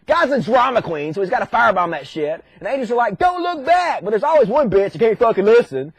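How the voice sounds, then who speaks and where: High-voiced sarcastic man. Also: expressive, quick pace, breathy edge, no echo. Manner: sarcastic, slangy, mocking voices of characters. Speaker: comedy commentator. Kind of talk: profane comedic retelling.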